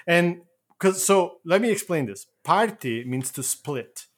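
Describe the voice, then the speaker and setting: A man's voice: high-pitched, expressive, slow. Laughing man explaining slang. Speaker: podcast co-host. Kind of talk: casual movie discussion.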